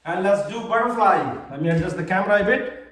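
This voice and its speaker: A man's voice: high-pitched, expressive, brisk, a bit bright. A man teaching a live online yoga class for children, giving cheerful, simple step-by-step cues. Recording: very echoey room, voice far from mic.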